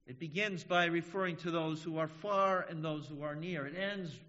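A male pastor preaching a sermon, slow and measured, stressing key words with emphasis. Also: fairly high pitch, steady tone, sharp tone. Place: church sanctuary. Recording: dull audio in a reverberant hall.

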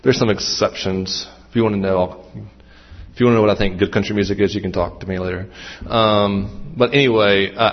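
A man preaching a sermon as pastor, conversational and self-deprecating, with asides and restarts. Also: fairly low pitch. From Western Maryland. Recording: muffled, dull sound.

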